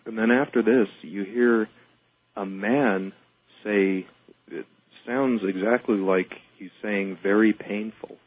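A man's voice: fairly low pitch, fairly even intonation, slow, no room sound. A male paranormal investigator on a phone-in, explaining matter-of-factly. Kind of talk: phone-in interview. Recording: tinny phone line.

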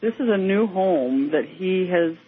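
A man's voice: high voice, expressive, unhurried. A man chiming in as a second guest on a radio show, answering briefly. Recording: tinny phone line with faint noise.

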